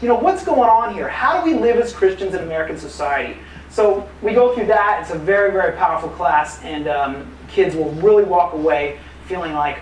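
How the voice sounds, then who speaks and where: A man, an apologetics teacher, giving a live conference talk in lively, casual storytelling style with acted quotes and fillers. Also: high voice, brisk. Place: museum conference room. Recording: echoey room, distant mic, faint noise.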